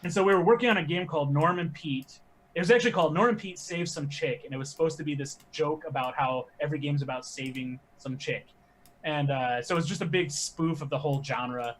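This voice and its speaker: A man, a podcast guest telling animated stories with quick asides. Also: on the high side, slight background noise. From American Midwest. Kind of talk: casual podcast chat.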